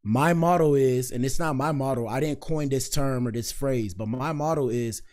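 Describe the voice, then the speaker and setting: A man's voice: mid-range voice, normal speed, darkish tone. A man hosting a casual commentary show, joking around and rambling as he talks straight to his viewers. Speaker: host.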